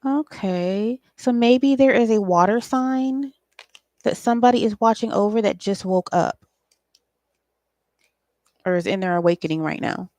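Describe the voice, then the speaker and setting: A woman's voice: mid-range voice, measured pace, long pauses, a little mellow, no room sound. A woman giving a casual solo tarot reading, thinking aloud in a loose, profane way with frequent ums. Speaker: tarot reader and psychic channeler.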